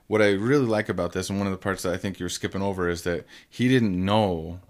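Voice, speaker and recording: Very deep-voiced young man chatting loosely. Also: fast talker. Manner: loose and rambling, with many fillers and "dude". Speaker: comic book discussion co-host. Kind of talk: casual chat.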